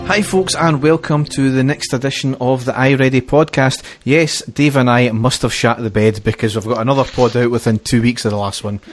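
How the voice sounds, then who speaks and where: A man's voice: mid-range voice, fairly even intonation, brisk, hardly any pauses, soft background music. A man hosting a casual podcast chat, laughing often and losing his thread. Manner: laughs often, loses his place, restarts sentences. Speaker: podcast host.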